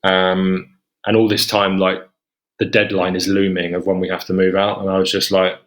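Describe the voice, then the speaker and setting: A man's voice: sits low, level tone, normal speed, a bit bright. A man in his forties from England, a podcast guest telling a personal story in a rambling, casual way and quoting the people in it. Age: 40s. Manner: rambling, quotes himself and others in a lifted voice.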